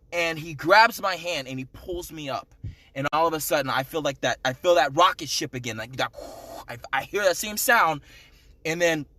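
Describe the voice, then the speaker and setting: A man's voice: fairly high pitch, pushed and bright, no echo. A man telling a personal testimony to the camera in an intense, emphatic way, often checking in with "okay?". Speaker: vlogger.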